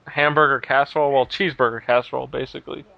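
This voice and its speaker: A man hosting a casual gaming podcast, talking in a relaxed, rambling way with lots of fillers. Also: mid-range voice, very fast, creaky, dry recording, dull audio. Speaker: podcast host.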